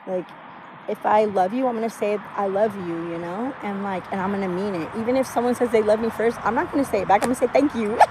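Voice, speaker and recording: A woman's voice: mid-range voice, fast talker. Woman, intuitive reader, loose rambling delivery, salty language, noisy background. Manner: rambling, swears freely, laughs often. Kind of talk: casual spiritual reading monologue.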